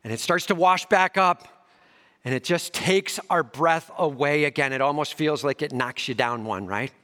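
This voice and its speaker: A man preaching a sermon who swings between emphatic raised passages and hushed soft ones, with casual slangy asides. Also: fairly high pitch, normal speed. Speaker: pastor. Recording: long hall reverb.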